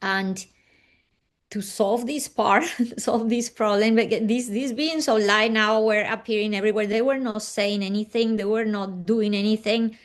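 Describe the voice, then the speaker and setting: A woman of middle pitch tells a personal story as an interview guest. She speaks softly and reflectively, often sinking into a near hush at the ends of her thoughts. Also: steady tone, measured pace.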